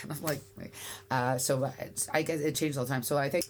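A woman's voice: a bass voice, steady tone, brisk, a little hiss or hum. A woman in her forties with a Canadian accent, chatting as an interview guest in a rambling way with many fillers and restarts. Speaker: guest, bagel shop founder. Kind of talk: casual interview chat.

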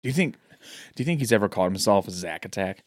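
A man's voice: fairly low pitch, animated, fast, no room sound, studio quality. A man co-hosting a podcast in casual chat, joking and swearing freely through playful banter. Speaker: podcast co-host.

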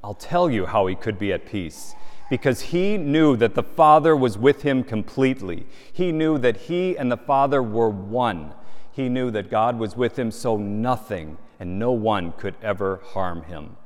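A bishop gives a sermon in a fairly low voice, earnest and conversational, often turning to rhetorical questions. His words ring out with the long reverb of a big cathedral. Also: expressive, unhurried. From Gulf Coast of the United States. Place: large cathedral.

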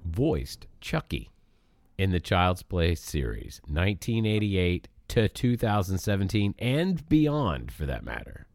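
A man with a deep voice co-hosting a casual movie podcast. His pitch swoops up and down as he talks at an unhurried pace, playfully quizzing his friend like a game-show host. The sound is dry and close. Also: big pitch swings, gravelly, darkish tone, no room sound. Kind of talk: casual movie-discussion chat.

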